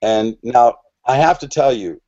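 A man's voice: medium pitch, a little slow, warm tone. A man, a podcast guest, telling a long personal story in a casual, rambling way, with many restarts and asides. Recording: dull lo-fi recording.

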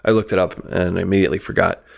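A man with a fairly low voice talks through a film on a podcast. His delivery is casual and rambling, with easy laughs between thoughts. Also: fairly even intonation, racing, gravelly. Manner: chatty, loose, laughs easily. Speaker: podcast co-host. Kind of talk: casual movie discussion.

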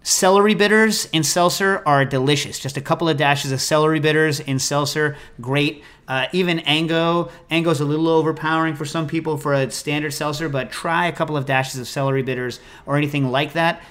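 A man hosting a food call-in show, chatting casually and answering listener questions in an opinionated, animated, digressive way. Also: a little high, a little fast, hardly any pauses.

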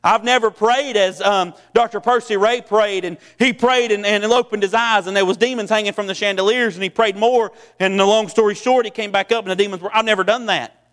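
A folksy preacher delivering a sermon, circling back and restarting his phrases. His voice sits high for a man. The sound carries a long hall echo. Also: fairly even intonation, brisk, a bit bright. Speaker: pastor.

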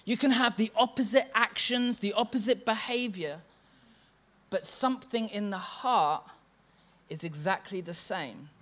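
A man's voice: high-pitched, unhurried, bright, forceful tone. A church leader giving a sermon, telling stories and chanting a mocking refrain to make his point.

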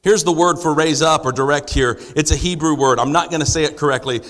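A man delivers a sermon in a high, bright voice. He presses the congregation with rhetorical questions and rises to emphatic declarations. The sanctuary gives a long, ringing reverb. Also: fast. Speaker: pastor. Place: church sanctuary.

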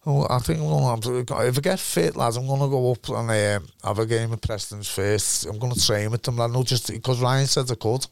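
Gravelly Scouse man telling football stories. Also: medium pitch, fairly quick, few pauses, no room sound. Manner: swearing, rambling anecdotes full of "lad" and "me". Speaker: former footballer guest. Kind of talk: casual storytelling chat.

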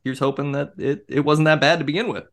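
A man co-hosting a podcast in casual chat, animated and joking, often breaking into laughs. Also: on the high side, quick pace, a little hiss or hum. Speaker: podcast co-host.

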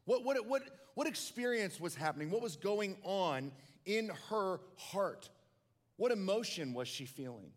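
A man's voice: high-pitched, expressive, unhurried, big-room sound. A male pastor delivering a sermon, telling a story and building to passionate questions for the congregation.

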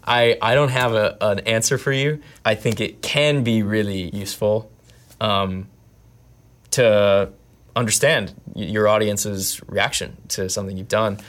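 A man, an actor, answering interview questions in an animated, thoughtful way that often restarts mid-thought. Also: fairly low pitch, a little slow. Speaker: actor guest. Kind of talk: conversational interview.

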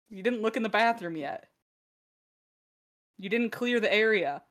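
A woman's voice: medium pitch, animated, normal speed. A woman playing a tabletop game, speaking bluntly and with dry humor. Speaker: player. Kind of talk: casual tabletop play.

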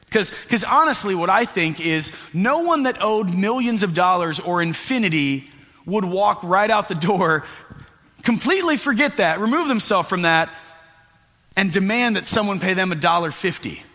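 A man preaching a sermon as pastor, telling a story in an animated way with voiced asides. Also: fairly high pitch. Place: church sanctuary. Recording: echoey hall with long reverb.

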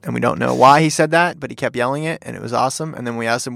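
A man's voice: medium pitch, rapid-fire, creaky, few pauses, fairly bright tone, no echo, studio quality. A man hosting a casual sports chat, enthusiastic and laughing as he tells anecdotes.

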